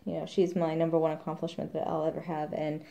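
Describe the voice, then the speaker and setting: A woman's voice: low-pitched, level tone, fast talker, creaky, warm tone, lo-fi sound. A woman, a new mother, chatting casually in a rambling vlog, quoting the people around her.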